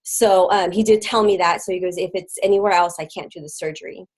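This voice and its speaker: Middle-aged woman telling her story, lots of ums and restarts, goes real quiet sometimes. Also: fairly low pitch, rough recording. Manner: halting, many fillers and restarts, drops to a near whisper at hard moments. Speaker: guest. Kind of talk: personal testimony in an interview.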